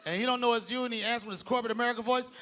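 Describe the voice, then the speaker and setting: A man performing a stand-up comedy set on stage, animated, shouting his punchlines and slipping into voices. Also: very high voice, racing. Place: comedy stage before a live audience. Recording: live club with loud crowd laughter.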